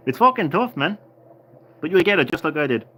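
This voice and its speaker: A man's voice: fairly high pitch, bright, forceful tone, a little hiss or hum, low-quality recording. A tired man commentating a live game stream, chatting with viewers, laughing often and swearing casually.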